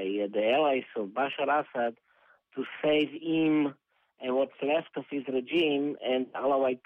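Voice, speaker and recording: A man, speaking as an analyst. He explains calmly and deliberately, with plenty of small fillers. The sound is narrow and dry, like a phone call. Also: mid-range voice, no echo. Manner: measured, explanatory, hesitant fillers. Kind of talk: phone interview on a news broadcast. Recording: tinny dry phone line.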